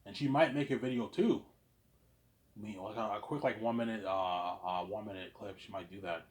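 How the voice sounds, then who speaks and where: A man rambling in a monologue to his audience, boastful and repetitive, tagging his lines with "obviously" and dropping from loud claims to mumbled asides. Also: on the low side, fairly quick. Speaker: vlogger.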